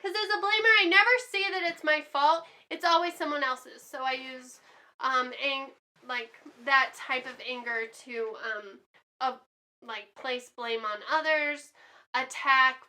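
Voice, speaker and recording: A woman gives a chatty classroom lesson, acting out examples and using many fillers. Her voice is high, pushed, and bright.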